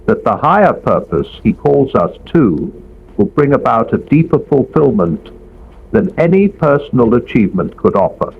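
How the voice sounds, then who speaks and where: Gravelly man narrating a devotional script. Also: medium pitch. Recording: dull lo-fi audio with faint background noise.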